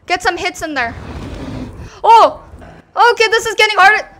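Woman gaming streamer, very high bright voice, excitable play-by-play. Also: fast, slight background noise. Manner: excitable, yelps and exclaims during fights. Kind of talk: casual gameplay commentary.

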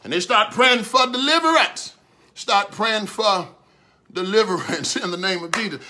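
A man preaching a livestreamed sermon, swinging from calm talk to shouted repeated prayers. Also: extremely high pitch, normal speed. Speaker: pastor.

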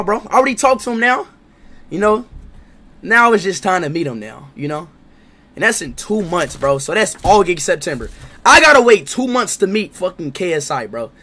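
A male streamer with a high, bright, tense voice that leaps all over the place as he talks to his chat. He is loud and excitable and swears freely. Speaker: livestreamer. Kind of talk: casual livestream chat.

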